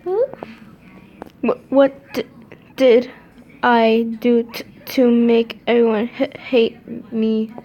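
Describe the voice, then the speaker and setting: A woman's voice: fairly high pitch, extremely slow, long pauses, highs cut off, pitched above the performer's own voice. A woman voicing a frightened, sobbing young girl who stutters through her tears. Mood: tearful, stammering.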